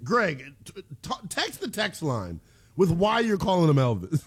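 A man hosting a sports talk radio show, animated and teasing, laughing often with callers. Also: fairly high pitch, moderate pace.

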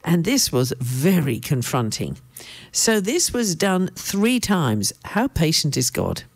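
A woman's voice: low voice, takes it slowly, creaky, husky, no echo. A woman preaching a sermon, reading scripture and adding emphatic asides. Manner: lively, emphatic storytelling with asides.

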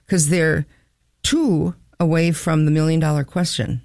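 A woman's voice: deep voice, fairly even intonation, measured pace, darkish tone, dry recording, clean studio sound. A woman co-hosting a casual radio-style chat, telling rambling stories. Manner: rambling, chatty storyteller. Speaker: co-host.

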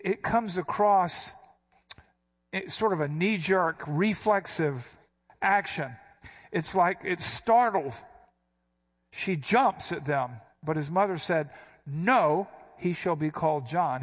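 A man preaching a sermon, teaching through a Bible passage with emphatic, punchy readings of quoted lines. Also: fairly high pitch. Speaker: pastor.

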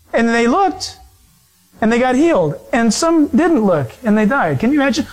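A man with a high voice preaching a sermon. He tells his stories with animation, laughs often and restarts his sentences as he goes. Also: sing-song, normal speed, rough recording.

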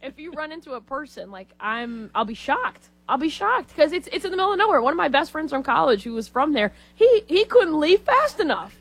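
A female co-host chats casually with animated, emphatic delivery. Her voice sits fairly high for a woman. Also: fairly quick, hardly any pauses, no room sound. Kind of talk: casual talk show chat.

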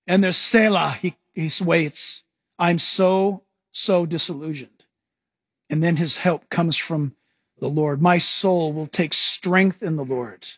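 Male pastor, high voice, earnest and emphatic sermon delivery, dry close sound. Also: slow pace, a bit bright, husky, no room sound. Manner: earnest, emphatic preaching with repeated phrases. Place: church.

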